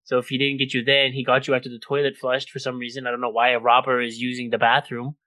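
A man's voice: mid-range voice, monotone, fast talker, pushed and bright, poor audio. A man telling a family story to his siblings in a casual chat, swearing freely and acting out the quotes.

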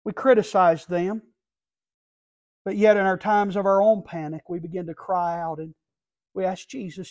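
High-voiced preacher shouting from the pulpit. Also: male voice, fairly even intonation, moderate pace, pauses often, muffled recording. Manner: impassioned, swings from hushed to shouting. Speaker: pastor. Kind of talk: sermon. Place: church pulpit.

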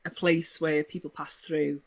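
A woman with a Liverpool accent chats and tells stories, her fairly low voice leaping high whenever an anecdote gets going. She laughs often and talks with lively, easy animation. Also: a little slow. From Liverpool, England. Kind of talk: casual chat.

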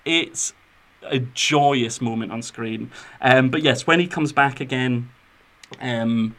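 A man's voice: mid-range voice, slow, a bit bright. A young man co-hosting a podcast, chatting about films in an enthusiastic, rambling way with plenty of fillers. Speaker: podcast co-host. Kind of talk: casual film chat.

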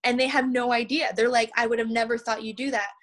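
A young woman from Canada, a pole vaulter and podcast guest, telling lively stories and laughing often. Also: fairly high pitch, fast. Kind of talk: podcast interview storytelling.

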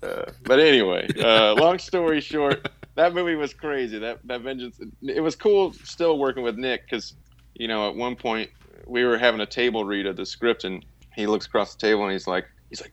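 A man guesting on a podcast, chatting casually about acting as a rambling, animated storyteller who restarts often. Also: mid-range voice, moderate pace, dry recording. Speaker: guest, actor and musician.

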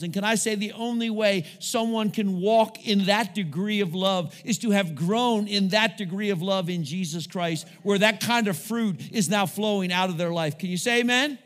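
A man's voice: high voice, moderate pace, hardly any pauses, fairly bright tone, long reverb tail. A male pastor preaching a sermon to his congregation, calling out to them and asking for responses as he goes. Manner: preaching with call-outs to the congregation. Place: church sanctuary.

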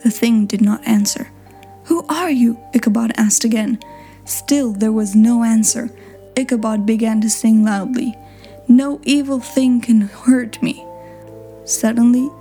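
A woman reads a storybook aloud in a clear, simple way suited to learners. Her voice sits a little high but sounds mellow and warm. Soft music plays faintly underneath. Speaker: narrator.

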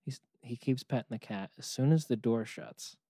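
A man's voice: mid-range voice, normal speed, warm tone, no echo. A man telling a rambling comedic story in casual chat, acting out the characters. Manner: rambling, acts out characters, laughs often.

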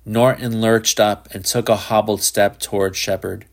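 A man reading a literary short story aloud in a measured, even narration. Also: fairly low pitch, vocal fry. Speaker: audiobook narrator.

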